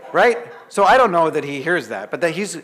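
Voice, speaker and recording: A man telling a lively anecdote to an audience, laughing and acting out the dialogue. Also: fairly high pitch, fast talker, long reverb tail, some chatter behind. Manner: lively, chatty storytelling with laughs and acted-out dialogue. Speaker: author giving a talk. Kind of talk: storytelling anecdote to a live audience.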